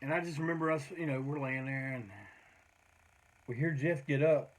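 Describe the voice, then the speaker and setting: A man's voice: fairly high pitch, fairly even intonation, moderate pace, slight background noise. A middle-aged man, a punk band singer, telling rambling, profane road stories in a casual monologue.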